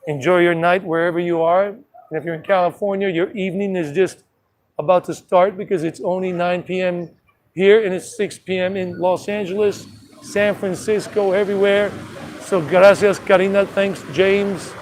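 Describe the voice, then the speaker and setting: This travel vlogger's voice is high and steady, moving at an ordinary pace. Out on a city street with his phone at arm's length, he chats loosely on a casual live stream and restarts sentences a lot.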